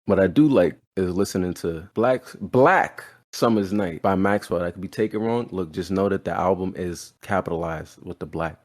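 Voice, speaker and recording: A man's voice: deep voice, moderate pace, hardly any pauses, darkish tone. A young man hosting a casual music podcast, telling a story animatedly and quoting his dad with lots of laughter. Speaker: podcast host. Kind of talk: casual chat.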